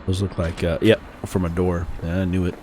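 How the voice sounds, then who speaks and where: A man's voice: deep voice, little pitch movement, a little fast, noisy background. A man hosting a game playthrough, chatting casually and thinking aloud, often correcting himself. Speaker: gaming channel host. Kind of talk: let's play commentary.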